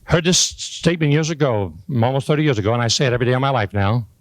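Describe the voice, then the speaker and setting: A man's voice: fast talker, no echo. Older guy preaching about books to a crowd, homespun jokes, dry close mic. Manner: homespun, joking, swings to high excited peaks. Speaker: motivational speaker. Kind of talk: folksy motivational speech to a live audience.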